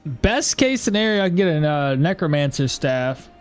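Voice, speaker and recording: A man's voice: fairly high pitch, sing-song, moderate pace, faint music behind. A man giving casual gameplay commentary, thinking aloud as he plays and laughing at chat messages. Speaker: gameplay streamer.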